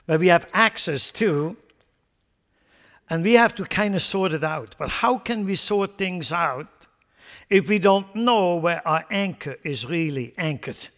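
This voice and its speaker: A male pastor preaching a sermon, animated and putting questions to his congregation. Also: high voice, long reverb tail.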